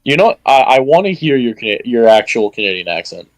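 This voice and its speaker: A man's voice: medium pitch, big pitch swings, a little fast, dry recording, low-quality recording. A man from Michigan chatting during a group game stream, rambling and joking. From Michigan, United States. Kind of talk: casual gaming chat.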